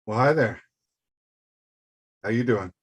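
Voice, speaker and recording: An actor reading a tough action-hero cop in a comedic staged reading, talking in a casual, reassuring way. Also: male voice, medium pitch, slow pace, husky. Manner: casual, laid-back, protective.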